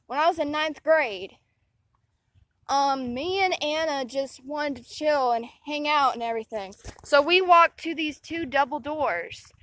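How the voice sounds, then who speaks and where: A woman's voice: high-pitched, fairly bright tone, dry recording. A young woman telling a rambling personal story to the camera, often restarting her sentences and getting indignant. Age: young adult. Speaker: vlogger. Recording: dull, muffled lo-fi sound.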